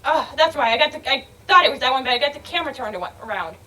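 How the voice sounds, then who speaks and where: A young woman giving let's-play commentary on a game, excitable, swearing freely and yelling and laughing as she plays. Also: high-pitched, very fast. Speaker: gaming video creator.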